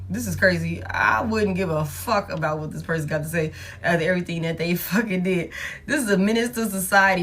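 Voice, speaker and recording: A woman with a medium-pitched, slightly bright voice delivers a casual tarot reading monologue. She's blunt and profane, repeating herself for emphasis.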